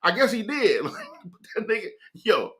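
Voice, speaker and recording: Host, male, casual comic storyteller, bright tense tone, slightly high voice, slangy. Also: sing-song, moderate pace. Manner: loose slangy delivery, laughs often. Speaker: morning show host.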